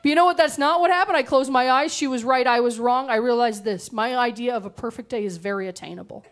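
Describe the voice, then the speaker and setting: Lady comic on stage, bawdy and sarcastic, kinda high voice. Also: quick pace. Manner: sarcastic, bawdy, animated storytelling. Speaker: stand-up comedian. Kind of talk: stand-up comedy set. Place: comedy club stage.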